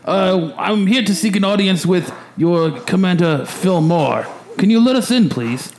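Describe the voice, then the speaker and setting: A man's voice: high voice, lively intonation, a little slow, darkish tone. A man playing a tabletop game, earnestly reasoning through the party's next step. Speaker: player. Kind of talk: casual tabletop game play.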